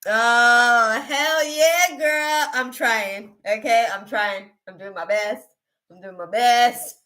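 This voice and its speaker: A woman's voice: fairly high pitch, slow pace, bright, forceful tone. A woman hosting a live tarot reading stream, chatting casually with viewers in an effusive, emotional, rambling way full of fillers. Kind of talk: casual livestream chat.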